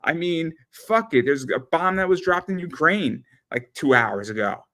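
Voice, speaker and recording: A man's voice: a little high, animated, moderate pace, sharp tone. A man hosting a casual talk show, rambling and swearing, often repeating his words. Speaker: podcast host. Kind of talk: casual chat.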